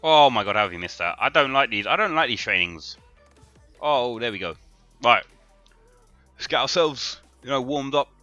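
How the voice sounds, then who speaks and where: A man commentating on his own football video game livestream, getting worked up and shouting at the players. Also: mid-range voice, normal speed, long pauses, no room sound, dull audio, soft background music. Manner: excitable, shouts at the players on screen. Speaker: gaming streamer. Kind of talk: live gameplay commentary.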